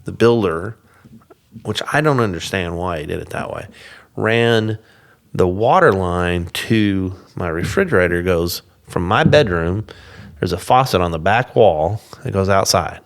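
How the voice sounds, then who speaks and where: A man's voice: low-pitched, measured pace. Guy telling a story on a podcast, voice leaps all over, does the other people's lines, laughs a lot. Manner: animated, acts out quoted dialogue in raised voices. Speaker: podcast guest. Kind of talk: casual storytelling interview.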